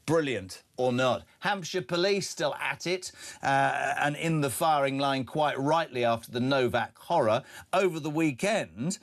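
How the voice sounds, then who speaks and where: A man's voice: medium pitch, a little slow. An older man hosting a breakfast radio talk show, blunt and sardonic, with frequent fillers. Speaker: radio host.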